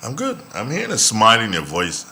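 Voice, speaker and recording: A man hosting a morning radio show, bantering in a jokey, lively way. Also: fairly low pitch, brisk, slight background noise. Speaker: radio host.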